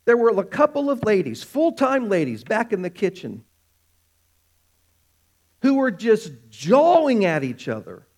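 A man preaching a sermon, animated, stretching out words for emphasis. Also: high-pitched. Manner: animated, drawn-out emphatic phrases.

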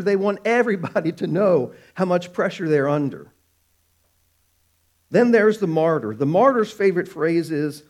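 A man preaching a sermon, animated, stretching out words for emphasis. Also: sits high. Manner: animated, drawn-out emphatic phrases.

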